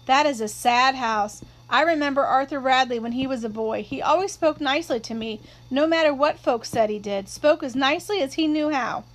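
A woman voicing a sharp-tongued older woman neighbor who talks in a dry, blunt way, as part of a storybook reading. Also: high-pitched, normal speed, hardly any pauses, natural voice. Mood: reflective.

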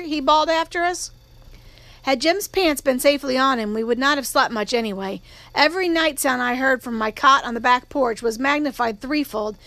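A woman reading an audiobook in a steady, measured storytelling manner. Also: high voice, vocal fry, dry recording. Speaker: audiobook narrator.

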